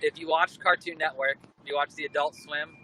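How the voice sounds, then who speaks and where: A man's voice: a little high, normal speed, low-quality recording. Upbeat man on a phone from a car. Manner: animated, jokey, rambling. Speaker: guest. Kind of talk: casual chat. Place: in a moving car. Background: road noise.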